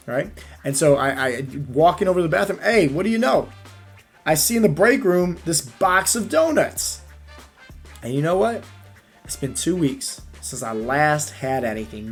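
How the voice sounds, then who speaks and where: A man speaking as a fat-loss coach in a casual motivational talk, energetic and storytelling, often checking in with the listener. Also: a little high.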